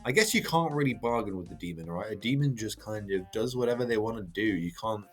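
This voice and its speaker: A man casually reading and reacting to a manga chapter, chatty and halting with lots of fillers. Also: lowish voice, expressive, fairly bright tone. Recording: faint background music.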